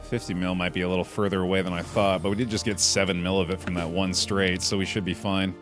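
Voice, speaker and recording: A young man casually commenting on a card game on a live stream, chatty and relaxed, calling his chat dude and bud. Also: sits low, quick pace, music in the background.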